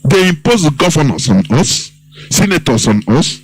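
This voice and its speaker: A Nigerian man hosts a political radio talk in a somewhat high, very animated voice. He speaks with open scorn and mocks the people he describes. Faint music plays behind him. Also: normal speed, slightly rough, rough recording. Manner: mocking, scornful, mimics others in exaggerated voices. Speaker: host.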